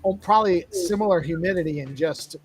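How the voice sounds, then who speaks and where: A man from southern New England, a guest on a stream, chats casually. His voice sits a little high, and he rambles in an easygoing way, chuckling as he goes. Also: a little fast, soft background music. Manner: rambling, laid-back, chuckles while talking. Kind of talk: casual chat.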